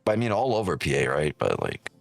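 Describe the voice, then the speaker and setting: A man's voice: a bass voice, wildly swooping pitch, quick pace, vocal fry, faint music behind. A man hosting a live trading stream, joking and teasing viewers in casual, profane banter. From New York.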